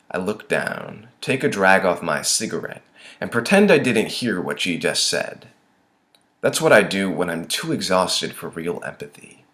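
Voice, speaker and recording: A young man reading his own short story aloud, expressive with dramatic swings in tone. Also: low-pitched. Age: young adult.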